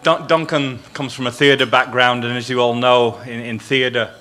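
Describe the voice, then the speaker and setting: An older man with a Yorkshire accent giving halting welcoming remarks at an event, often repeating words. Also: medium pitch, level tone, sharp tone. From Yorkshire, England. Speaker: guest speaker.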